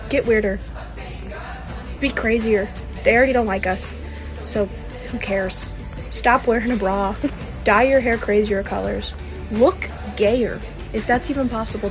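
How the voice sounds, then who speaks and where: A woman's voice: fairly high pitch, rough recording. Defiant woman giving emphatic orders. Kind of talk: vlog rant.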